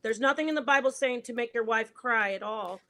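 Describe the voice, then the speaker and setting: Woman, panelist, assertive, questioning, fairly high voice. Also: brisk, pushed and bright. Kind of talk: live stream debate.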